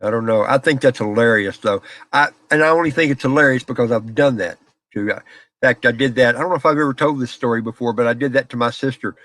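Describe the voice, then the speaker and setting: A man's voice: medium pitch, quick pace, fairly bright tone, no room sound. Folksy man chatting on a live stream. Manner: folksy storyteller, laughs often. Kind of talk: casual live chat with viewers. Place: small office out back.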